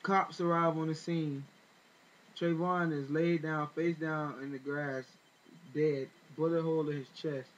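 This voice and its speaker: A man's voice: a little high, level tone, unhurried, muffled recording. A man retelling events in casual spoken commentary, rambling with fillers and restarts and growing indignant as he talks. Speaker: vlogger.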